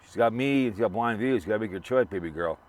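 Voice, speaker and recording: This vlogger talks fast in a fairly low voice, with slight background noise, while driving and thinking back on a late fellow creator. The casual monologue wanders, repeats itself, and keeps restarting.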